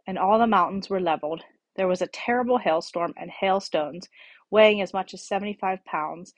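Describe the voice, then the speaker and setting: Casting: woman with a slightly low voice for a measured scripture reading, dry close recording. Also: no room sound. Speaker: scripture reader.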